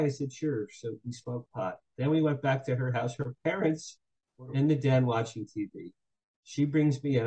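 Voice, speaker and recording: A man's voice: medium pitch, rough recording. An older man from New Jersey, a guest author telling a comic personal story and acting out other people's lines. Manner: animated, acts out other people's quotes.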